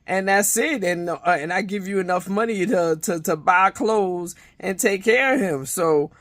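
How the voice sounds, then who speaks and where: A woman's voice: fairly low pitch, unhurried, dry recording. A woman giving a casual, profane recap of a reality show episode, retelling scenes animatedly with many restarts. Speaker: reality TV reviewer.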